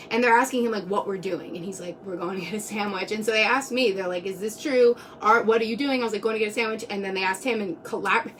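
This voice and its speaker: A woman's voice: mid-range voice, fairly bright tone, distant mic, slight background noise. A woman in her twenties telling a personal story casually on a live stream, rambling with many fillers. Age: 20s. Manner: rambling, many "like"s, laughs between lines. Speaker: vlogger.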